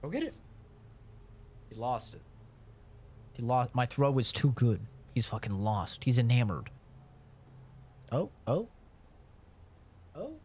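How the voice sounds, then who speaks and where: A man's voice: mid-range voice, sing-song, takes it slowly, long pauses, darkish tone, husky. A man in his twenties chatting casually on a live stream, boastful and profane in his banter.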